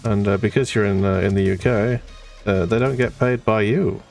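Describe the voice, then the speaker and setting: A man's voice: fairly low pitch, steady tone, moderate pace, gravelly, a little mellow. A man from Wales chatting on a painting stream, hesitant and full of fillers. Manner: hesitant, many uh fillers and restarts. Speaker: guest co-host. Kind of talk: casual chat on a live stream. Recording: distant mic with faint music.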